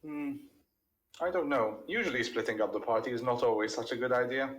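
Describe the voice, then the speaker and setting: A man playing a tabletop game, discussing plans in a polite, deliberate way and thinking aloud. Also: medium pitch, poor audio. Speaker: player. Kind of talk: in-character tabletop play discussion.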